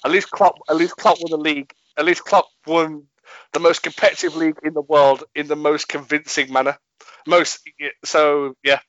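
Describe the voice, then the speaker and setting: A man's voice: a little high, little pitch movement, normal speed, fairly bright tone, no room sound, muffled recording. A man hosting a casual football podcast, blunt and swearing, laughing often. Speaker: podcast host.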